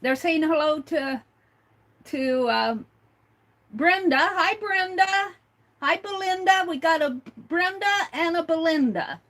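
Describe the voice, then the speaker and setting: A woman with a very high, animated, fairly bright voice speaks slowly as she hosts a casual livestream. Chatting with viewers, she reads their comments aloud and spells out words one letter at a time.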